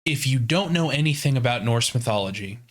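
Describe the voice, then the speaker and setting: Brief: podcast co-host, mid voice, laid-back and profane storyteller. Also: male voice, mid-range voice, lively intonation, fairly quick. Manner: profane, storytelling with acted-out quotes. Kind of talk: casual chat retelling a game story.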